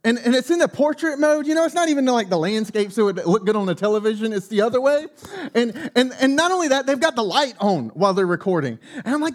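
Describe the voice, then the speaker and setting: Animated high-voiced male pastor. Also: a little fast. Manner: animated, self-mocking storytelling. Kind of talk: sermon with a personal story.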